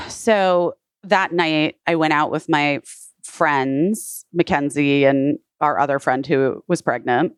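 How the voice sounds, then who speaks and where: A woman's voice: deep voice, slow, clear, resonant tone, dry recording, clean studio sound. A woman being interviewed, telling a personal story casually with many "like" fillers and quoted dialogue. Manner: frequent "like" fillers, retells others' words. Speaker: guest.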